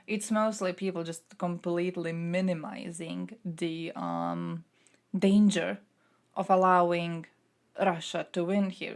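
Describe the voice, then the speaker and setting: Gravelly woman ranting on a live stream, sarcastic, swears a lot. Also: lowish voice. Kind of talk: casual live-stream commentary.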